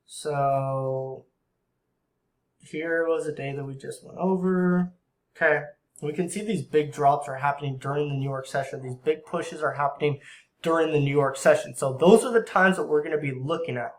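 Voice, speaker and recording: Animated young man teaching forex trading. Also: on the high side, reverberant. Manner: animated, acts out traders and market makers in quick asides; slang-heavy and conversational. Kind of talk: casual screen-share trading tutorial.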